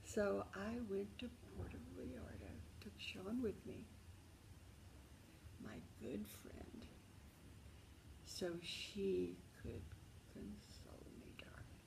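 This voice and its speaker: Older woman storyteller, gravelly unhurried voice, intimate, slips into whispers. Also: mid-range voice, expressive, background noise. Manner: intimate, emotional, calls the listener darling, drops into whispers. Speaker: memoir storyteller. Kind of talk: personal storytelling.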